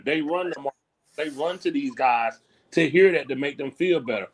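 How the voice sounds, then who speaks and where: A man talking casually on a podcast, in a blunt and slangy way. His voice sits a little high. He sounds dismissive. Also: moderate pace. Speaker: podcast co-host. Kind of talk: casual chat.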